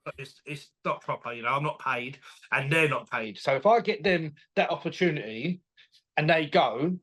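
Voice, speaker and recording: A man, a boxing promoter chatting as a guest in an interview, animated and quick to laugh. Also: on the high side. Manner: animated, enthusiastic, laughs often, retells dialogue. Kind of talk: casual interview chat.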